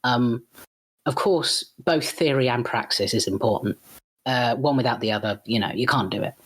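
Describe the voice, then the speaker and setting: A man's voice: medium pitch, normal speed, slightly rough. A man speaking as a guest in an unscripted podcast discussion. He talks bluntly and with heat, swears freely, and often restarts and corrects himself mid-sentence. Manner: frequent false starts and self-corrections.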